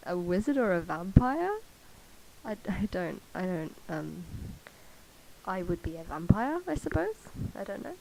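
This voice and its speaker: A woman's voice: on the low side, sing-song, unhurried, gravelly, warm tone, rough recording. A woman chatting casually in a vlog, chatty and self-mocking with casual swearing, recorded on a cheap karaoke mic. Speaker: vlogger. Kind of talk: casual chat.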